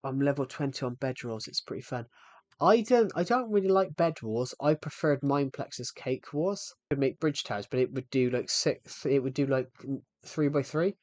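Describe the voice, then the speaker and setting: A man's voice: mid-range voice, lively intonation, normal speed, darkish tone, no room sound. A man in his twenties chatting casually on a live game stream, a little out of breath and rambling as he restarts his sentences. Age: 20s.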